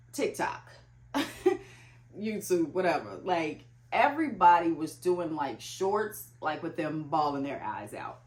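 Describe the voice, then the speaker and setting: A young woman chatting casually about books as a vlogger, talking loosely with lots of "like" fillers. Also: sits low. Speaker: book vlogger. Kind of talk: casual chat. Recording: echoey room.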